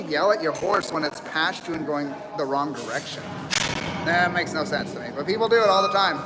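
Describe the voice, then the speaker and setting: A man hosting a live stream at a horse rescue, talking calmly and rambling with many fillers, recorded outdoors among people. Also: fairly high pitch, a little fast, long reverb tail, a loud crowd, poor audio. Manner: calm, rambling, soft-spoken with fillers. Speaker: livestream host at horse rescue. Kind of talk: live commentary.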